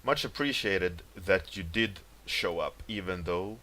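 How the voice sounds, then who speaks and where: A man's voice: deep voice, measured pace, few pauses, pushed and bright, slight background noise. A man casually chatting on his livestream, rambling about dreams, laughing often and greeting viewers by name. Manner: rambling, laughs often, reads chat names aloud. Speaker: livestreaming artist. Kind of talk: casual stream chat.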